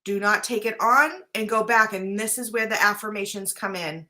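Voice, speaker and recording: A woman's voice: mid-range voice, steady tone, normal speed, pushed and bright. A woman life coach talking casually to her viewers, earnest and chatty, often checking in with "right?". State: briefly choked up at times. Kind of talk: casual talk to camera.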